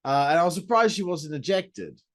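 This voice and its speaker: A man talks through a wrestling event as a podcast host, and his voice sits a little high. He is casual and excitable, drops in swear words and throws in side comments. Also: moderate pace. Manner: chatty and enthusiastic, swears, with asides and laughs.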